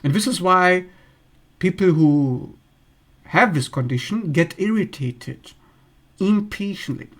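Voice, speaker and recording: A man's voice: high voice, lively intonation, slow pace, long pauses. A man hosting an astrology channel, talking bluntly in a casual monologue and acting out the people he describes in a raised voice.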